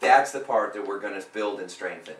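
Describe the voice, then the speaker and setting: A man working as a hypnotist coaches a client live, driving points home by repeating phrases with mounting force. His voice is fairly low and brisk, with a faint hiss or hum. The recording sounds roomy, caught by a distant mic.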